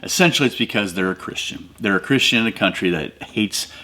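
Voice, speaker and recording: A man's voice: fairly low pitch, fairly quick, pushed and bright. A middle-aged man from the American Midwest hosting a devotional podcast, talking conversationally and building to emphatic, preacher-like runs. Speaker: podcast host.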